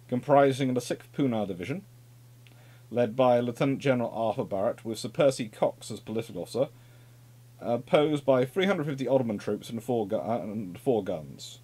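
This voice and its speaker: A man talking through naval history in a relaxed lecture. His pitch rises and falls freely and keeps the delivery animated. He speaks at a middling pitch, with chatty asides and repeated phrases for emphasis. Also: husky. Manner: lively, conversational, with asides and repetitions.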